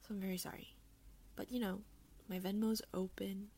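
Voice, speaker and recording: A woman's voice: medium pitch, flat delivery, moderate pace, dark tone, slightly rough. Young woman rambling on her own podcast, bubbly and giggly, joking about herself, earphone mic sound. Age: young adult. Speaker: podcast host. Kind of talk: casual solo chat.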